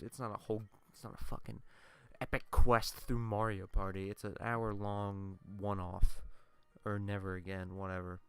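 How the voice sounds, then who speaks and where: A man talks over his gameplay in a low, smooth, clear voice, drifting from one tangent to the next. He swears freely and sounds tired as he rambles through a story. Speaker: let's play gamer. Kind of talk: casual gameplay commentary.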